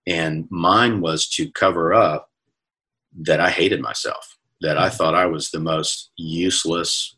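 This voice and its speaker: Low-voiced man telling candid stories. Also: a bit bright, slightly rough. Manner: chatty, reflective anecdotes with self-quoting. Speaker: comedian and author, guest. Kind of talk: casual storytelling interview. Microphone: video call.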